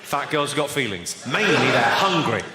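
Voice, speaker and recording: A man doing stand-up in a large theatre before a live audience, telling jokes in a brisk, mock-innocent way. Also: medium pitch, very animated. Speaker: stand-up comedian. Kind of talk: live stand-up one-liners. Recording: loud crowd noise with long hall reverb.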